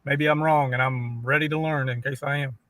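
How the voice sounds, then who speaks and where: Skeptical western Kentucky investigator, bright forceful male voice, measured and hesitant. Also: mid-range voice, steady tone. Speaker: paranormal investigator guest. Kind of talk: remote interview answers.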